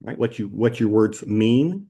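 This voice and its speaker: A man's voice: fairly low pitch, animated, unhurried, warm tone. A man teaching a Bible class at church, talking casually with ums and rhetorical questions as he walks through slides.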